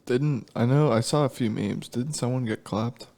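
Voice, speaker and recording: A man's voice: medium pitch, moderate pace, vocal fry, darkish tone. A young man co-hosting a podcast, joking around in casual chat, with a slight lisp. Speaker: podcast co-host.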